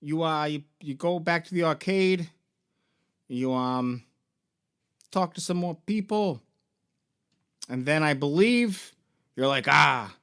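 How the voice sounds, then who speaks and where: A man with a high voice retells a video game's story as a comedy bit. He rambles, swears freely and jokes along as he talks. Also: slow pace, long pauses, clear, resonant tone. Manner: rambling, profane, joking. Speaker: video game store founder and host.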